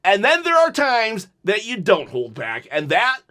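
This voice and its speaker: High-voiced man reacting with laughter. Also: a little slow. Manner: animated, laughs often, mimics lines. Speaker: channel host reacting to clips. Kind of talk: casual reaction commentary.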